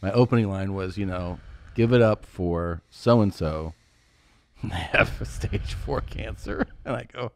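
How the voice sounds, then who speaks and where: A man with a very low voice tells a rambling story on a podcast. He acts out what other people said and laughs often. The sound is dry and close to the mic. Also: unhurried, creaky, dry recording. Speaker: podcast co-host and comedian. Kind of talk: casual storytelling chat.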